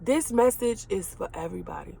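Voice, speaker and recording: A woman's voice: mid-range voice, lively intonation, a little fast, creaky, dark tone, breathy edge. A woman in her late twenties giving an emotional motivational talk, earnest and preachy, repeating phrases for emphasis. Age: late 20s.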